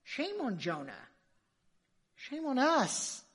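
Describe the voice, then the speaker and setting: A woman's voice: sits high, huge pitch swings, takes it slowly, husky. A woman preacher giving an emphatic sermon, full of rhetorical questions to her listeners.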